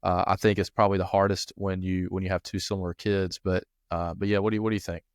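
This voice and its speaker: A man co-hosting a coaching podcast, talking in a fairly low voice. He rambles through stories, circling back with restarts and fillers. The sound is dry and close, with no room around it. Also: little pitch movement, fast talker, no room sound. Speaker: football coach and podcast co-host. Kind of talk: casual podcast chat.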